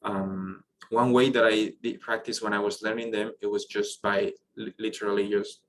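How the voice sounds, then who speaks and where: A man's voice: lowish voice, little pitch movement, moderate pace, a little hiss or hum, rough recording. A man teaching a French pronunciation lesson to students, explaining patiently with frequent fillers and restarts. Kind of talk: online class lesson.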